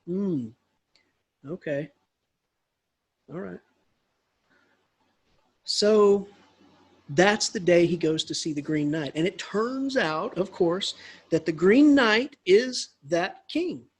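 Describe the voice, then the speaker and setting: Male professor, casual animated lecture, high husky voice. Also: takes it slowly, pauses often. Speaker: English professor. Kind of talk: lecture retelling a story.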